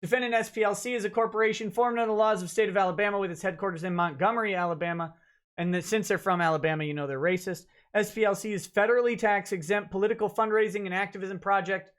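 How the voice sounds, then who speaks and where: A man hosting a legal-commentary live stream works through a lawsuit complaint out loud, cutting in with sarcastic, blunt jokes. He talks fast in a high-pitched, slightly bright voice.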